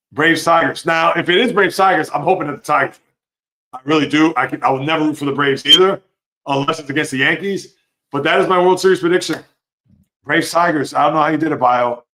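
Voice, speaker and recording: A man hosting a live sports talk stream, reading chat comments and giving opinionated, animated reactions. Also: a little high. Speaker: sports show host.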